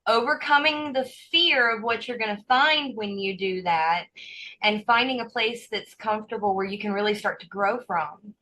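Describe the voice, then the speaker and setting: A woman hosting a podcast and asking her guest measured, curious questions. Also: medium pitch, pushed and bright, low-quality recording. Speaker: podcast host. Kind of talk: interview questions.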